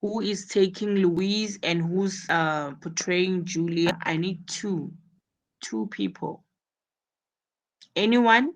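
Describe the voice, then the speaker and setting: A woman teaching an English lesson online, explaining slowly and repeating her key points. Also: lowish voice.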